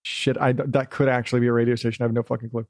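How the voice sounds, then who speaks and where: A man's voice: mid-range voice, flat delivery, rapid-fire, darkish tone, no room sound, clean studio sound. A middle-aged man hosting a solo podcast, rambling and self-deprecating, swearing casually and dropping into silly voices now and then. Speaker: podcast host.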